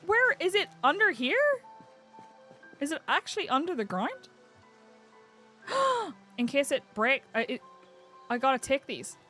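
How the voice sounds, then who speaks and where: Young woman game streamer, high voice, swoopy excitable delivery, faint music behind. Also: measured pace, long pauses. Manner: excitable, swears and laughs at surprises. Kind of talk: live gameplay commentary.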